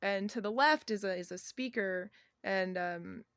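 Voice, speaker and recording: A woman vlogger talks through a personal story in a loose, meandering way, stopping and restarting her sentences. Her pitch sits in an ordinary middle range. The sound is dry and close, with no room echo. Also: a bit bright, smooth. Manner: rambling and halting, many fillers and restarts, laughing between thoughts.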